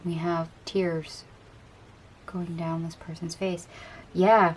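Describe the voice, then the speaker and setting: Female tarot reader, lowish voice, casual and dreamy, gently encouraging. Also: flat delivery, slow, a little hiss or hum. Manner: chatty and dreamy, musing aloud over the cards. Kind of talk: casual tarot card reading.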